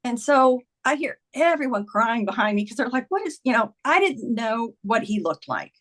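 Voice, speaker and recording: A woman's voice: a little high, expressive, normal speed, fairly bright tone. A woman in her fifties, a podcast guest, earnestly retelling a personal story in conversation, with many "like"s.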